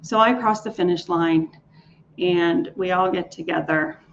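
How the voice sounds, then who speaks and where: A woman's voice: on the low side, measured pace, vocal fry. A woman who works as a leadership coach, telling client and marathon stories in an interview with enthusiasm, often restarting her words. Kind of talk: speaker interview storytelling. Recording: dull lo-fi sound with faint noise.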